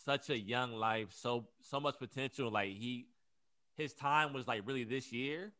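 A young man co-hosting a casual chat, expressive and quick to tease. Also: mid-range voice. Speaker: podcast co-host.

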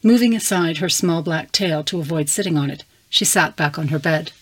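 A woman reading a fantasy story aloud with calm, measured narration. Her voice sits low for a woman. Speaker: story reader.

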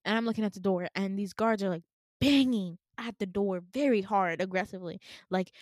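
A woman podcast co-host casually retelling a dream, animated, laughing often and full of fillers. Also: medium pitch, normal speed, no room sound, studio quality.

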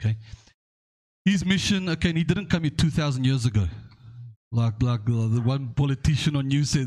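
A podcast host with an average-pitched voice. He talks at length in a loose, rambling way, often checking in with his listeners. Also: animated, normal speed. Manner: rambling, storytelling, checking in with "okay?". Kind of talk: casual podcast discussion.

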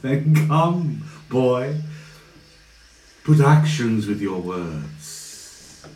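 A man's voice: mid-range voice, animated, a little mellow, distant mic. A man doing a scornful villain mage in a tabletop game, drawing out cruel, theatrical taunts. The voice rings in an echoey room over a faint hiss. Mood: menacing. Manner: slow, sneering, theatrical taunts.

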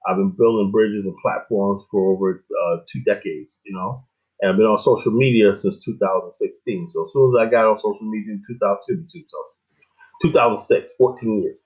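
A middle-aged man hosting a show, rambling in a casual monologue with lots of fillers and animated stories. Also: lowish voice, a little fast. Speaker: show host. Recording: tinny phone-like line.

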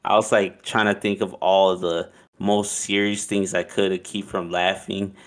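A man casually telling a long personal story, animated and profane, acting out what people said. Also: sits low, unhurried. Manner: animated, profane, acts out quotes with laughs.

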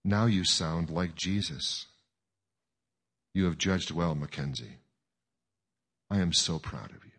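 A man voicing a calm, wise woman who quietly presses a grieving father, speaking slowly and gently. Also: mid-range voice, husky. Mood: tender. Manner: slow, quiet, gently probing. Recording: long hall reverb.

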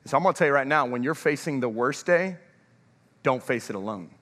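A male pastor giving an energetic sermon in a large church, drawing the congregation to answer back. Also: mid-range voice, brisk, big-room sound. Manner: energetic, calls for congregation response.

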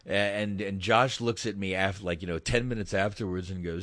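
Brief: male podcast host, profane and rambling, low pitch. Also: steady tone, fairly quick, fairly bright tone, dry recording. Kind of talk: casual chat about a film.

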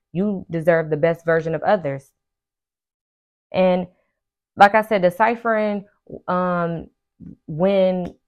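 A woman with a lowish voice talks straight to her listeners like a life coach on her own show. She preaches with emphasis and circles back to the same phrases again and again. Now and then she slips into quick impressions of her friends. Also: darkish tone, highs cut off. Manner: acts out friends' lines in quick asides. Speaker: podcast host and life coach. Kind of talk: casual motivational monologue.

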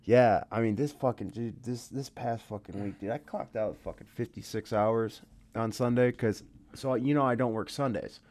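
A man's voice: medium pitch, steady tone, normal speed, darkish tone. A tired man co-hosting a casual podcast. He swears freely and fills his talk with "dude" and "like.". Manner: profane, says "dude" and "like" a lot. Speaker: podcast co-host. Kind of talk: casual chat.

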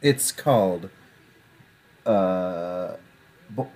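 A man co-hosting a casual online show, easygoing and quick to laugh. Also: low voice, darkish tone. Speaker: podcast co-host. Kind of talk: casual chat.

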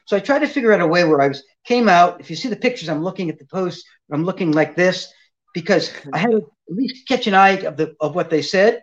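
In this storytelling interview chat, an older ventriloquist guest speaks in a high-pitched voice at a fairly quick pace. He spins a long, animated anecdote, performing the quoted voices of its characters, over dull lo-fi audio.

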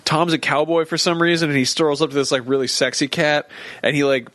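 A man co-hosting a comedy podcast, rambling through stories with swearing and sudden high-pitched quotes. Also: fairly even intonation, brisk, fairly bright tone, no room sound. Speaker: podcast co-host. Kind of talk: casual comedic chat.

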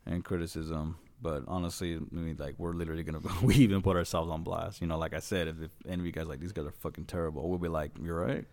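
Low-voiced man joking with a co-host. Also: fairly even intonation, fast talker, hardly any pauses, darkish tone. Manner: laughing, joking, swearing often. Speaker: podcast co-host. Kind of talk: casual banter.

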